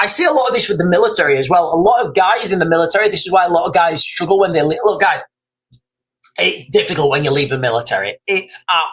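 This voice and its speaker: A man's voice: high voice, a bit bright, rough recording. A man hosting a casual livestream, rambling, repeating himself and reading out viewer comments. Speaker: livestream host. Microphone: streaming mic.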